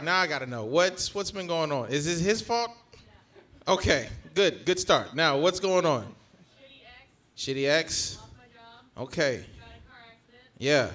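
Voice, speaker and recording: A man's voice: fairly high pitch, pushed and bright. A young man from Georgia doing live stand-up in a long comedy club room. He works the crowd on a handheld stage mic with loose, profane banter. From Georgia, USA.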